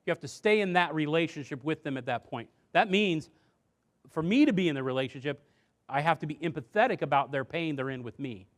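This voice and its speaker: A man's voice: fairly high pitch, brisk. Man giving a chatty seminar talk. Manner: conversational, rhetorical questions, acts out quoted voices. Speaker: presenter on parenting and addiction. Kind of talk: live seminar talk with audience questions.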